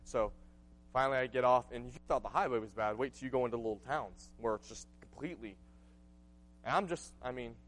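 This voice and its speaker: A man's voice: medium pitch, brisk, a bit bright. A man in his late twenties preaching a sermon, earnest and conversational, telling a personal story with frequent asides. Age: 20s. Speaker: pastor.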